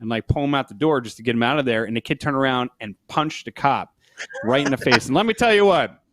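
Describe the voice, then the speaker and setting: A man's voice: mid-range voice, lively intonation, fast talker, a bit bright, dry recording. A man co-hosting a podcast, telling a rambling story in casual chat, laughing as he goes. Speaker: podcast co-host.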